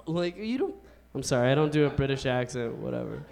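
A young man doing a stand-up comedy set on a club stage into a handheld mic, with a loose, laid-back delivery and drawn-out punchlines. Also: medium pitch, lively intonation, creaky, a little mellow. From United States.

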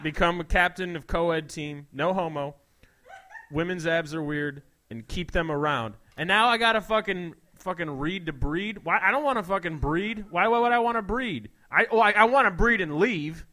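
A man putting on a loud, crude, dim young bro character in an improvised comedy bit, brash and swearing. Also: high-pitched, moderate pace. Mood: loud, incredulous.

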